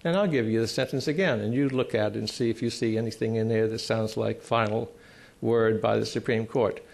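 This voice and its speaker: Gravelly-voiced man giving a panel talk. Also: on the low side, steady tone, darkish tone. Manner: measured, explanatory, with frequent pauses. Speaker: panel speaker on constitutional law.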